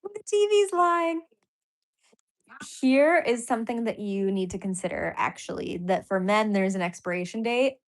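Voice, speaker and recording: A woman's voice: mid-range voice, a little fast, hardly any pauses. A woman hosting a casual live stream, chatting loosely with viewers, reading their comments aloud and laughing often. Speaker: livestream host.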